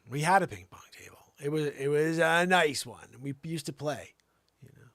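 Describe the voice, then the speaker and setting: Male comedy host, gravelly, animated pitch, rambling tall-tale monologue. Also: moderate pace, no echo, clean studio sound. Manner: animated storytelling, swinging between shouts and mutters.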